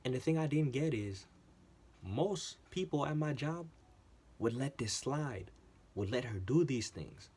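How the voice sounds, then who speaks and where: A man telling a workplace story in a casual, animated monologue, often repeating himself for emphasis and swearing. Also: mid-range voice, unhurried, breathy edge. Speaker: channel host.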